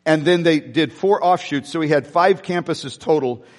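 A man preaching a sermon, telling a personal story candidly and emotionally, swinging from loud to hushed. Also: fairly high pitch, moderate pace, in a large hall. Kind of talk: sermon testimony.

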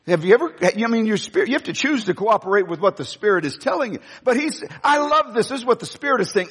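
A man preaching a sermon with a boisterous voice, telling a story in an animated way and acting out the quotes. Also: extremely high pitch, quick pace, few pauses, breathy edge. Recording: long hall reverb.

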